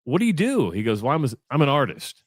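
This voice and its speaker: A man's voice: medium pitch, very animated, fast talker, no room sound, clean studio sound. A middle-aged man from Iowa co-hosting a radio show, telling a long story and acting out both sides of the chat. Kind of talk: casual storytelling on sports radio.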